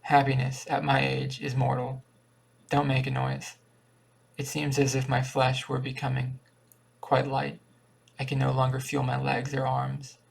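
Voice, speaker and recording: A man reading as a gentle dying old uncle. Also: medium pitch, completely flat delivery, unhurried, creaky. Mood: calm.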